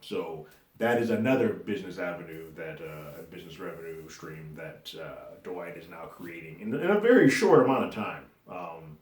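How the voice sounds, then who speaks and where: A man's voice: low voice, lively intonation, moderate pace. A man giving a loose, conversational recap of a TV episode, chuckling now and then as he talks it through. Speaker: movie and TV reviewer. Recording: roomy echo.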